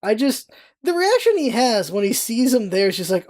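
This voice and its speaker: A young woman chats through a movie review for her vlog, excitable and rambling. Her voice is mellow and warm, and she keeps breaking into playful impressions of the characters. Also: fairly high pitch. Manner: chatty, excitable, rambling with many restarts; acts out characters' lines in quick impressions.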